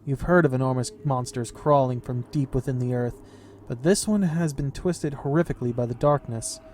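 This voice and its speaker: A man's voice: mid-range voice, moderate pace, darkish tone, slight background noise. A man reading game text aloud in a casual playthrough, reading steadily and breaking off into casual comments. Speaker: game player and narrator.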